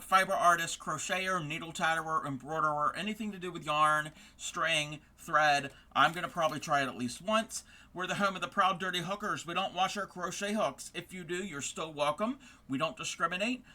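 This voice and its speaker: A man's voice: fairly high pitch, bright, forceful tone. A man chatting casually with his live-stream viewers as he crafts, rambling and friendly. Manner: rambling, friendly, talks to chat between tasks. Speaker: live-streaming fiber artist.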